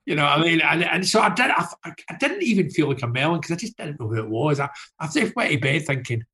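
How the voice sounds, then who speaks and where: A man's voice: fairly high pitch, sing-song, quick pace, bright, forceful tone. A man telling a long anecdote in casual talk, swearing freely and tagging lines with "right?". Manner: swears freely, rambling with many "right?" tags. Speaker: guest storyteller.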